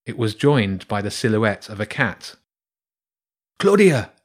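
A man reading a children's storybook aloud in a steady, measured way. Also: lowish voice. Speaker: narrator.

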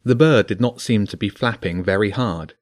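A man's voice: on the low side, normal speed, dry recording, clean studio sound. A man narrating a children's fantasy book, voicing each character. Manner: expressive, voices each character.

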